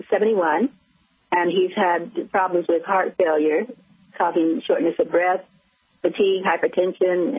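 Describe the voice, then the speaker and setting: A woman's voice: lowish voice, slightly rough, dry recording. An American woman calling in to a radio show, hesitant and full of fillers. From United States. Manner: hesitant, many fillers and restarts. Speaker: caller. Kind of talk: phone-in call. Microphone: telephone. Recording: thin phone line on radio.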